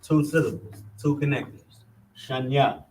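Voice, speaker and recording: Slow, methodical man teaching a class. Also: mid-range voice, fairly even intonation, a little mellow, a little hiss or hum. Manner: slow, methodical, repeating syllables one by one. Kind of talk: classroom lesson.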